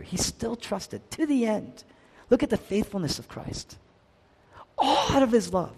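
A man preaching with a fairly high voice and a very lively, swooping pitch. He drops to hushed lows and then rises to impassioned cries. The sound carries a long reverb, as in a large hall. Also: normal speed, breathy edge. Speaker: pastor. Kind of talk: sermon.

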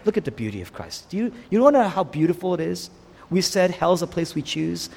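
A man preaching a sermon, swinging between loud exclamations and hushed whispers, asking his listeners rhetorical questions. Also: sits high, sing-song, normal speed, vocal fry, slight background noise. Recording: long hall reverb.

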